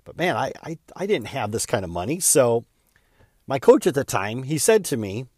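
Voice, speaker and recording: A man's voice: medium pitch, very animated, normal speed, darkish tone, no echo, studio quality. A man hosting his own podcast, telling a personal story in an earnest, candid way with small stumbles and repeats. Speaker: podcast host.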